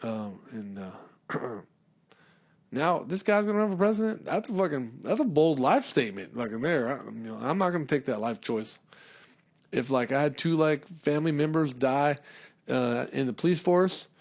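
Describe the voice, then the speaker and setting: A male podcast host talks in a loose comedic monologue, voice at an ordinary middle pitch. He rambles, restarts and swears freely, padding his lines with fillers. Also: expressive, normal speed. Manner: rambling, profane, many fillers.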